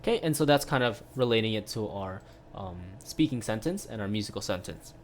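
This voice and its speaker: A man's voice: lowish voice, animated, brisk, slight background noise. A man giving a casual online piano lesson, explaining step by step with lots of "right?" tag questions and filler sounds. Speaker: piano teacher.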